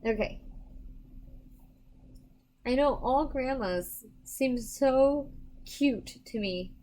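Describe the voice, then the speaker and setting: Woman, live-stream psychic, tired, casual rambling chat, slightly high voice. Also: drawn-out words, warm tone. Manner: casual, rambling, many restarts. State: tired, yawning. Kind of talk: live-stream reading, chatting with viewers.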